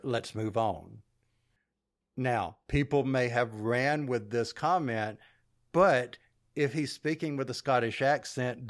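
A man hosting a casual podcast discussion, speculating eagerly and putting questions to his co-hosts. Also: medium pitch. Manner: enthusiastic, speculative, asks the panel questions. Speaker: podcast host.

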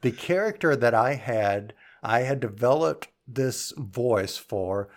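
A man in a casual podcast conversation, sharing anecdotes with a playful, relaxed delivery. His voice sits in an ordinary middle pitch. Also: takes it slowly. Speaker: podcast host.

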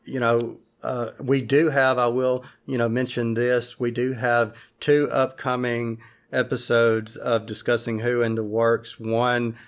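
Male podcast host, mid pitch, slow deliberate delivery, rambling casual chat full of fillers. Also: flat delivery. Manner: rambling, hesitant, many fillers and restarts.

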